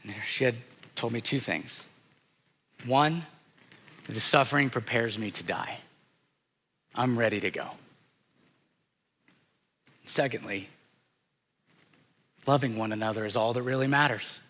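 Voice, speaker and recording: Pastor, male, unhurried reflective sermon delivery, crisp bright tone, echoing sanctuary. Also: medium pitch. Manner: slow, earnest and reflective, dropping softly on hard moments. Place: church sanctuary. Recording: church sanctuary with long reverb.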